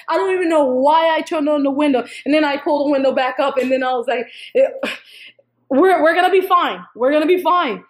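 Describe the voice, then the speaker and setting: Animated high-voiced woman telling a dream. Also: a little fast. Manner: rambling, animated storytelling with many restarts and quoted dialogue. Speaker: YouTuber sharing a prophetic dream. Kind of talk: casual spoken dream account.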